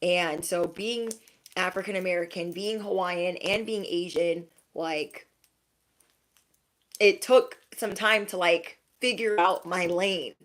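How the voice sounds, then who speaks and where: A woman's voice: fairly low pitch, takes it slowly. A young adult woman giving a casual intuitive reading to her viewers, frank and chatty, full of "like" fillers. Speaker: intuitive card reader.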